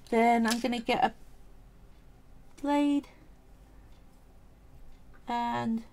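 A woman with a Cockney accent, talking chattily through a craft tutorial at home, thinking aloud as she works. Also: fairly high pitch. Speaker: polymer clay crafter and streamer.

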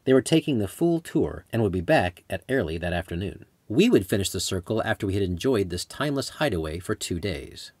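A man reading his own travel memoir aloud in measured, descriptive storytelling. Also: lowish voice, very animated, a little mellow, husky, no room sound. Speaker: author narrating his memoir. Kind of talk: scripted audiobook narration.

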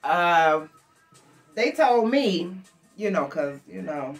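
Older woman vlogger, lively up-and-down voice, animated and chatty, from Buffalo, faint music behind. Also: lowish voice, takes it slowly. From Buffalo, New York. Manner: chatty, animated, addresses viewers directly. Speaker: thrift haul vlogger. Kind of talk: casual chat to camera. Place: at home, alone. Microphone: camera.

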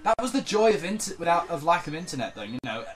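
A man giving casual, joking gaming commentary, animated and swearing often. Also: a little high, quick pace, music in the background. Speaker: let's play co-host.

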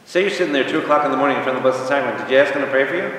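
An energetic priest teaches a Bible study, peppering his listeners with questions and wry jokes. His voice is bright and forceful, caught from a distance in a large, reverberant hall with a faint hum underneath. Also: mid-range voice, racing. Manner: energetic, quizzes the audience, jokes.

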